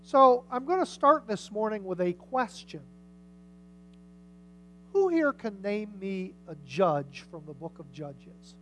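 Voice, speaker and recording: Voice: mid-range voice, expressive, slow pace, a bit bright, slight background noise, low-quality recording. Conversational pastor preaching a sermon. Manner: conversational, questions the congregation. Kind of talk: sermon with scripture reading. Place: church service.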